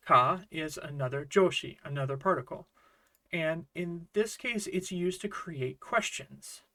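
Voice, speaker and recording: A man's voice: a little high, pushed and bright. A man teaching a casual online Japanese grammar lesson, explaining in a friendly, chatty way with small fillers and asides.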